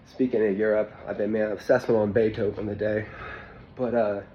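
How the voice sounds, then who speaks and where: A man's voice: lowish voice, little pitch movement, normal speed, dull audio, a little hiss or hum. A man from the United States in a rambling, casual monologue, swearing often and out of breath from illness. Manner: profane, rambling, with frequent fillers. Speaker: vlogger.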